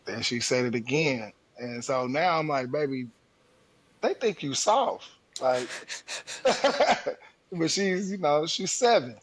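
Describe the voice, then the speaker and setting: A man's voice: mid-range voice, a little slow, long pauses, noisy background. A man co-hosting a podcast, telling a parenting story in casual chat and acting out the quotes while he laughs. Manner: animated, laughing storyteller who acts out quotes. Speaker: podcast co-host.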